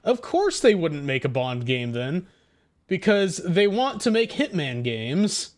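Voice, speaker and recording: A young man streaming a game and ranting to chat, profane and quick to anger. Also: on the high side, sing-song. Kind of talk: casual gaming stream chat.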